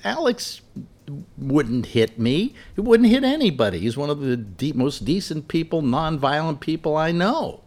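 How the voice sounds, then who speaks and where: A woman's voice: low-pitched, very animated, measured pace, a little mellow, pitched above the performer's own voice, exaggerated voice. A man voicing an indignant woman colleague who insists, emphatically, that her friend is innocent.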